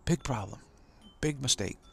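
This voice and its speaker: A man's voice: medium pitch, normal speed, creaky, a little hiss or hum. A man giving an emphatic spiritual talk on a live stream. He repeats phrases for emphasis and chuckles often.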